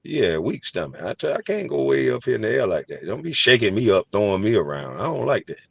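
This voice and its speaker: A low-voiced man telling funny stories. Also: quick pace, gravelly, breathy edge, no room sound. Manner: animated storytelling, profane, laughs easily. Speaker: host. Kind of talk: casual chat. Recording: dry, slightly dull sound.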